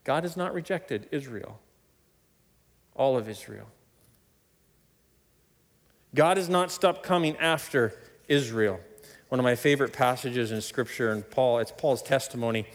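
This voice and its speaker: Male pastor, sermon, emphatic, sudden loud stresses, laughs between points, echoing hall. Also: medium pitch, measured pace, long pauses. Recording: long hall reverb.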